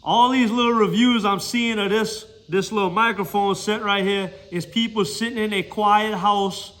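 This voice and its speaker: High-voiced Mississippi man reviewing gear. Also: fairly even intonation, moderate pace, fairly bright tone. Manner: folksy, talks straight to viewers. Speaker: product reviewer. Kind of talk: casual product review. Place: hot mechanic shop, indoors. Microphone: phone's built-in mic.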